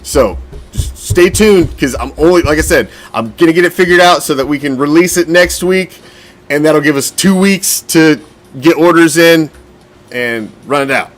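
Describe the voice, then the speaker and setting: A man's voice: a little high, normal speed. A man hosting a football fan show, talking casually, bluntly and with a lot of profanity, and getting winded as he goes. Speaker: podcast host.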